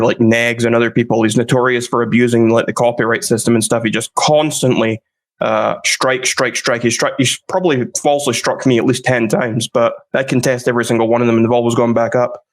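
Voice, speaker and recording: Guy rambling on in a casual chat, lots of ums and restarts, mid pitch. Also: fairly even intonation, a little fast. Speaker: commentary YouTuber.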